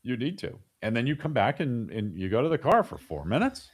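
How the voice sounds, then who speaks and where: This middle-aged podcast guest is animated in a casual interview, frequently restarting and repeating words and acting out parents and kids. He talks briskly in a slightly rough, mid-range voice with huge pitch swings.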